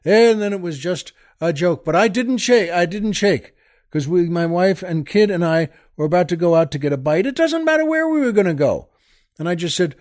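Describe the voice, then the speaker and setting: A middle-aged man with a notably high voice hosts his show, spinning a comic anecdote for his listeners. He talks in a wry, exasperated way and keeps calling them folks. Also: lively intonation, moderate pace, darkish tone. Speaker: podcast host. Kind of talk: comic storytelling monologue.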